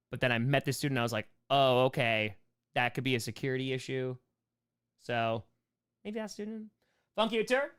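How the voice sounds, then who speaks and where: A young man with a hoarse voice, reading chat questions on a casual live-stream Q&A, jokey and fond of repeating short phrases. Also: on the high side, fairly bright tone.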